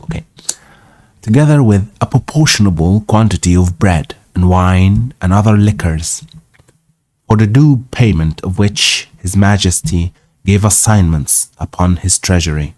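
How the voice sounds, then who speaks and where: A man's voice: low-pitched, measured pace, a little mellow, dry recording. A man whose first language is Arabic hosts a live English reading stream, reading a classic novel aloud. He reads carefully, repeating phrases and sounding out difficult words.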